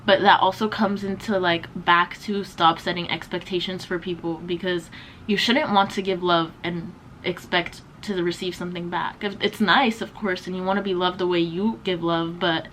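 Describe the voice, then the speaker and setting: A woman's voice: on the low side, steady tone, normal speed, a bit bright, a little hiss or hum, low-quality recording. A young woman in her twenties, chatting casually and slangily as a beauty vlogger while doing her makeup. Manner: chatty, slangy, lots of "like" and "bro".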